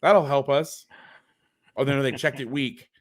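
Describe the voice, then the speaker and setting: Over a video call, a football coach breaks down game film play by play, sarcastic and openly exasperated. He speaks at an ordinary pitch with fairly even intonation and a moderate pace.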